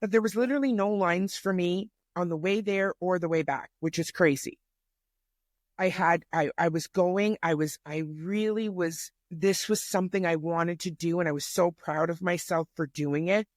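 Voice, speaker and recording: A woman in her fifties telling a personal story as a podcast guest, chatty and animated, often restarting her sentences. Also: fairly low pitch, moderate pace, no echo, studio quality. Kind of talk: casual storytelling conversation.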